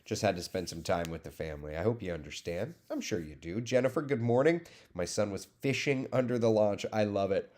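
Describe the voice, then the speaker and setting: A man's voice: fairly low pitch, animated, fairly quick, few pauses, darkish tone. A man who works as a TV meteorologist, giving a casual live weather update and chatting in a friendly way as he greets viewers by name. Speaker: TV meteorologist hosting a morning weather stream.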